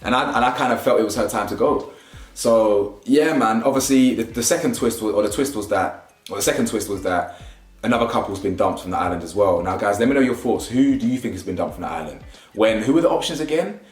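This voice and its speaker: A young man, giving a slangy, animated casual review of a reality show and laughing often. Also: on the low side, fast talker. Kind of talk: casual commentary. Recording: roomy echo, faint music.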